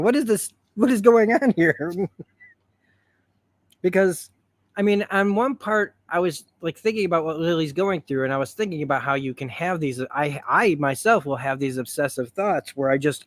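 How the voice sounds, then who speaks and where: A man reviewing a TV episode in a rambling, excitable way, retelling scenes as he goes. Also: fairly high pitch. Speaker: show reviewer. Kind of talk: stream-of-consciousness review.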